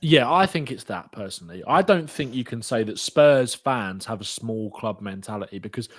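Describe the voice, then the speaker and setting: A man's voice: medium pitch, moderate pace. A man co-hosting a podcast in easy, casual chat. His talk is loose and conversational, peppered with "like". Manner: relaxed, conversational, says "like" often. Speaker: podcast co-host.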